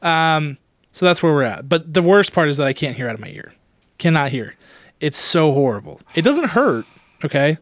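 A man's voice: a little high, big pitch swings, normal speed, fairly bright tone, no echo. A man co-hosting a podcast in casual chat, joking and self-deprecating, still recovering from bronchitis. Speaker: podcast co-host.

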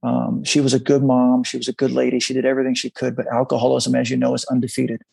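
As a guest in a conversation, a middle-aged man tells a candid personal story in a halting, confessional way, acting out the voices of people he quotes. His medium-pitched voice is monotone, husky and darkish with vocal fry, in a dry recording.

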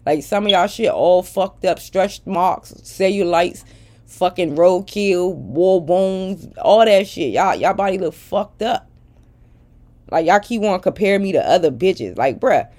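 Middle-aged woman, lower pitch, blunt and profane, casual confrontational vlog rant. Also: animated, measured pace, a little mellow. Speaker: social media personality.

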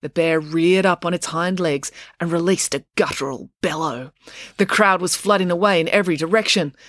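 Casting: woman narrator for a kids' audiobook, expressive, dry close studio sound. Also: fairly low pitch, normal speed, no echo.

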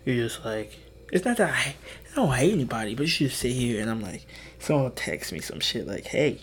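A tired young man hosting a solo podcast, talking in a hushed, half-whispered way, rambling and swearing with little laughs. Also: medium pitch, sing-song, brisk, slight background noise. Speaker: podcast host. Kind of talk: solo late-night podcast monologue.

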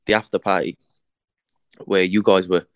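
Low-voiced man telling a story. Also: little pitch movement, moderate pace, clear, resonant tone, dry recording. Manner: chatty storytelling, slangy, repeats words as he restarts. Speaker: boxer, interview guest. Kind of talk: casual interview chat.

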